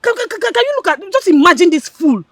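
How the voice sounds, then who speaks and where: A spiteful schemer who berates her friends with scorn. Her husky voice runs high and swings widely in pitch. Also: animated, normal speed, no room sound. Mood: scornful. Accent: Nigerian. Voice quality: scornful, insulting. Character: spiteful scheming young woman, Adanne. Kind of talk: film drama acting.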